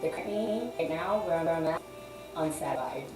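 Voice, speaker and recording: A woman guest, a musician, chatting casually with a deep, throaty voice, rambling and restarting, swearing freely. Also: lively intonation, fairly quick, echoey room, recorded from a distance, over music, rough recording. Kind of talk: casual chat.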